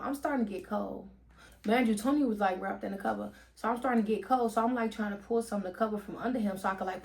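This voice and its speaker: Animated young woman telling a story. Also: mid-range voice. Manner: animated, addresses viewers as "y'all", swears freely. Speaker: storytime vlogger. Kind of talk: casual storytime vlog. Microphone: headset.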